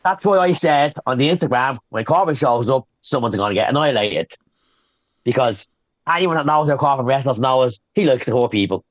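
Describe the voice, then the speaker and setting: A hoarse man with a Dublin accent, ranting about wrestling in a casual podcast chat. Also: medium pitch, expressive, a little fast, no room sound, dull audio. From Ireland. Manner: profane, ranting. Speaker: podcast co-host.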